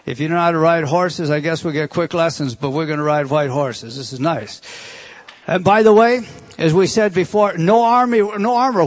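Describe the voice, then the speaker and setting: A high-pitched man preaching through a scripture passage, talking to his listeners conversationally and leaning hard on key words. He slows right down to read the verses aloud with weight. The sound is dry and close, with no room echo. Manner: conversational, emphatic, rhetorical questions; reads scripture slowly and deliberately. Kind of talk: expository sermon on scripture.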